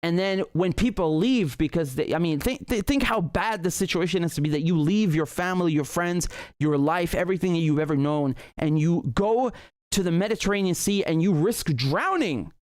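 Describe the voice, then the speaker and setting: A man hosts a livestream political commentary show, talking in a fairly high voice. He rants heatedly and swears often, restarting his sentences as he goes. The sound is dry and close, with little room echo. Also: lively intonation, normal speed, darkish tone. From Britain. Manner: heated, profane ranting with frequent restarts.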